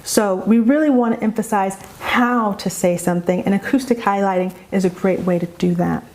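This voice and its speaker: Brief: a woman educator in a mid-range voice, guiding parents with slow, measured explanations. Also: medium pitch. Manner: slow, calm, deliberate explanation. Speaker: educator for parents of young children. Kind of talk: instructional narration.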